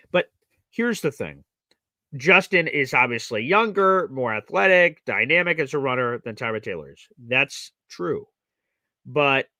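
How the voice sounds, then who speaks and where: A man hosting a live sports reaction show, talking bluntly and with lots of opinion, now excited, now muttering. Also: on the high side, no room sound, studio quality.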